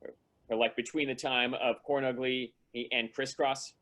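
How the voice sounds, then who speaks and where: A man's voice: mid-range voice, level tone, moderate pace, fairly bright tone. A man co-hosting a fan panel, asking detailed questions hesitantly with many fillers. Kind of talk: casual chat.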